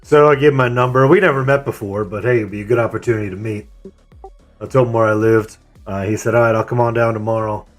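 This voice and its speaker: A man streaming and leading an online game raid, telling a story and giving calls in a relaxed, rambling way. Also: lowish voice, fast talker, faint music behind.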